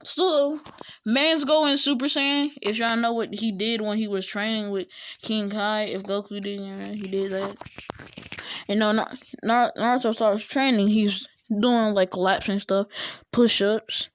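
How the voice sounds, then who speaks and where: A woman's voice: medium pitch, fairly even intonation, unhurried, slight background noise. A woman casually telling a fan-fiction story in a rambling, slangy way, with many fillers and restarts.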